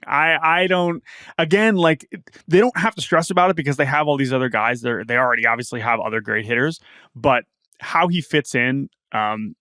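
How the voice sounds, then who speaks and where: A man co-hosting a casual sports podcast, talking in halting bursts with repeated words and reading listener email aloud. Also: mid-range voice, gravelly, fairly bright tone, no echo, clean studio sound. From United States. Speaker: podcast co-host. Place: small-town home studio.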